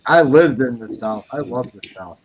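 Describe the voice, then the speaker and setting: A man's voice: mid-range voice, lively intonation, normal speed, slight background noise, low-quality recording. A man in a casual group chat, making teasing, wry remarks.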